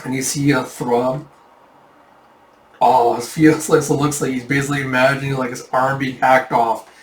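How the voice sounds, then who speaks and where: A man casually reading through a manga, excitably recapping scenes and saying "it's like" a lot. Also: medium pitch, normal speed, slight background noise. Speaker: manga reader. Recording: roomy, distant mic.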